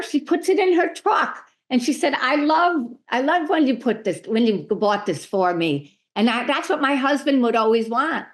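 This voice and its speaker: Animated middle-aged woman telling stories. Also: fairly high pitch. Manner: animated, acts out voices in her stories. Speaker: medium and spiritual healer, guest. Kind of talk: storytelling in a podcast interview.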